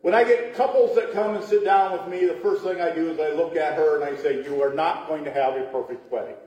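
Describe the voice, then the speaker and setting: Middle-aged male pastor, high-pitched, chatty storytelling preacher, recorded from far off in a booming church hall. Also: fairly quick, a little mellow. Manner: chatty, laughing asides, acts out voices in stories. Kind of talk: storytelling sermon. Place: church sanctuary.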